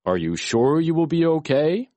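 A reader voicing a kind, helpful bird in a children's storybook, speaking calmly. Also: medium pitch, moderate pace, no echo, close to an everyday voice. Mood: caring.

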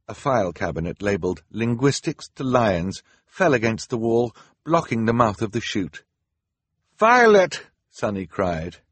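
A man reading a children's novel aloud as narrator, wry and deadpan with mock-solemn asides. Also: on the low side, slightly rough, no room sound. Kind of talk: audiobook narration.

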